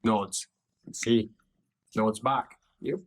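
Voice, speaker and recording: A man narrating a tabletop role-playing game as game master, describing scenes in an unhurried way. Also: mid-range voice, fairly bright tone.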